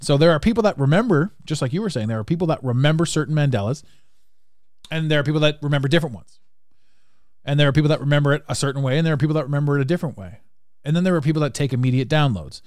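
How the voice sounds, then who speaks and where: A man hosting a podcast, answering a listener voicemail in a rambling, animated way and laughing often. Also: medium pitch, dry recording, clean studio sound. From Canada. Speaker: podcast host. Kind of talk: casual podcast monologue.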